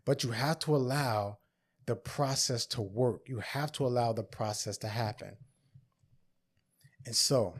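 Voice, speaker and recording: Man, podcast host, earnest storytelling, acts out both sides of a conversation, mid-pitched voice. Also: darkish tone. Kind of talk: reflective storytelling monologue.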